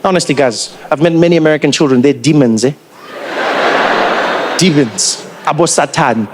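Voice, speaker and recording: South african comedian telling stories on stage, highish voice, acts out bits. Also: male voice, normal speed, noisy background. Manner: animated storytelling, acts out characters. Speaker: stand-up comedian. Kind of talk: stand-up comedy.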